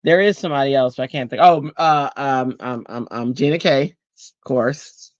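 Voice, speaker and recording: At a moderate pace and medium pitch, a man chats and rambles through a card-making livestream from his home, welcoming viewers and using many fillers. The recording sounds dry and dull.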